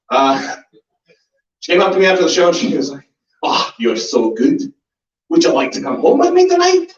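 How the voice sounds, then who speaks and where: A man in his forties works a small crowd with a stand-up set, swearing freely and breaking into laugh impressions. His voice is fairly high and swings widely in pitch. He is heard from a distance in an echoey room, on a dull, muffled recording. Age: 40s. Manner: animated, profane, with laugh and voice impressions. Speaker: stand-up comedian. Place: small comedy club basement.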